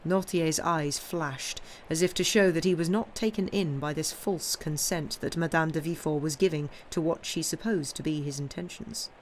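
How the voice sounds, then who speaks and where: A woman reading a classic novel aloud on a live stream, with measured, steady narration. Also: low voice, slight background noise. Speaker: reader.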